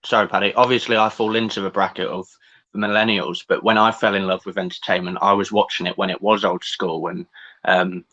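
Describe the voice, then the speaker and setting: A man co-hosts a podcast, talking in a hesitant way with restarts. His voice is low yet bright. The sound is a little muffled and lo-fi. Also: level tone, brisk. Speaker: podcast co-host. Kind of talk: casual podcast chat.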